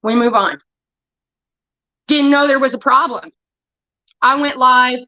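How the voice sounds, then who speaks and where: A woman's voice: high voice, takes it slowly, pushed and bright, dry recording, highs cut off. A woman streamer delivering a heated, profane rant about a falling-out with a friend, talking straight into a close mic. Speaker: livestreamer. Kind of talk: ranting livestream monologue.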